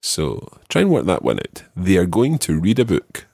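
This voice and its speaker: Gravelly, husky male language teacher. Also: low voice, huge pitch swings, normal speed, a little mellow, dry recording, studio quality. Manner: patient, clear, repeats and models phrases. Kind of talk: guiding a student through a spoken quiz.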